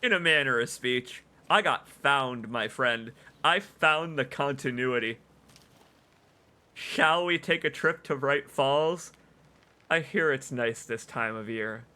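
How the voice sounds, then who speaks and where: A man streaming a video game, commenting excitedly and emotionally, gushing and laughing often. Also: mid-range voice, slow pace. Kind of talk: let's play commentary.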